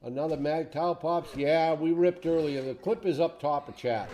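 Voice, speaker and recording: A man's voice: on the high side, normal speed, warm tone, slight background noise. A man streaming a game, chatting casually and reacting to chat and teammates. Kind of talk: casual live-stream chat while gaming.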